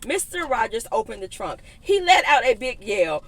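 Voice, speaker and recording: A woman reading a picture book aloud for kids, animated, with giggly asides to her young listeners. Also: fairly high pitch, normal speed. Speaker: children's story reader. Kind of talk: read-aloud story time for kids.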